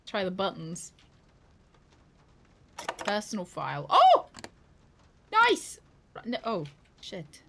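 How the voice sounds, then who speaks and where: A woman's voice: lowish voice, takes it slowly, gravelly, long pauses, background noise. A woman streaming a video game, joking, giggling and thinking aloud as she plays. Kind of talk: casual gameplay commentary.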